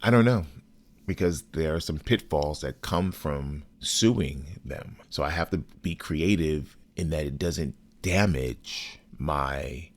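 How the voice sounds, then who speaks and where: A man with an extremely deep, low voice tells a story from his own life. He speaks in a measured, deliberate way and curses bluntly now and then. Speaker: podcast host. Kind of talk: personal storytelling.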